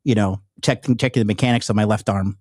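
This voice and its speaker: A man's voice: lowish voice, fairly even intonation, fast, darkish tone, faint music behind. A man, a YouTuber and dating coach, talking casually and emphatically to his viewers, rambling and swearing often. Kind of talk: casual direct-to-camera chat.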